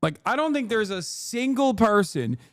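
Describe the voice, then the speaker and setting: A man's voice: high voice, very animated, normal speed, fairly bright tone, no room sound, clean studio sound. A man in his thirties, a streamer, giving blunt, sarcastic commentary on a clip with frequent laughs. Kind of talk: casual commentary.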